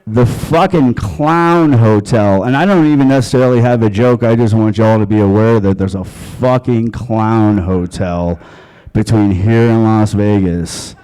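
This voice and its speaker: A man performing a stand-up comedy set on a club stage into a handheld mic, with a crude, deadpan, conversational delivery. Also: on the low side, moderate pace, smooth, poor audio.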